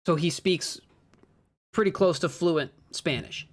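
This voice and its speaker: A man from Minnesota with a Midwestern American accent, co-commentating a disc golf stream in a chatty, quick way that breaks easily into laughter. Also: on the high side. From Minnesota, USA. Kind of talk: casual live-stream commentary.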